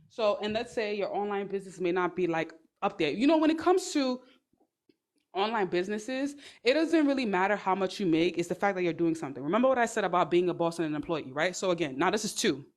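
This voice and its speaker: A young woman talks straight into her phone on a livestream, giving blunt, profane advice. Her voice sits at an ordinary middle pitch. She is sassy and quick to mock, often slipping into little put-on voices to act out examples. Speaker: live-stream host giving advice.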